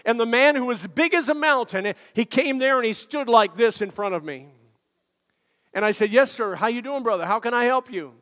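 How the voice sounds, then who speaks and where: High-voiced preacher man in a reverberant church. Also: animated, moderate pace. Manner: storytelling preacher with many "uh" fillers, rising to shouts. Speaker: pastor. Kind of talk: sermon. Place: church sanctuary. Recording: long hall reverb.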